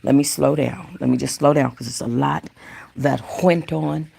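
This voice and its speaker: Super gravelly voice, chatty gossip streamer talking straight to the chat. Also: medium pitch, fairly even intonation, moderate pace, mellow. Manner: chatty, talks straight to viewers. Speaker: gossip channel host. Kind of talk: casual livestream commentary.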